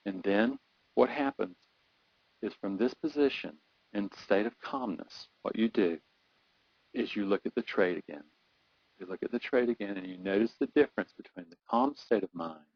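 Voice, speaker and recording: A middle-aged man, a performance coach, leading a guided visualization exercise, talking slowly and soothingly, repeating phrases and building up to urgency. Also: fairly low pitch, no echo. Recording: dull lo-fi dry recording.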